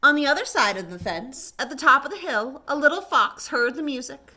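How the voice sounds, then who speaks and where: A woman working as a children's librarian, reading a picture book aloud with gentle, expressive storytime delivery. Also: high voice, fairly quick.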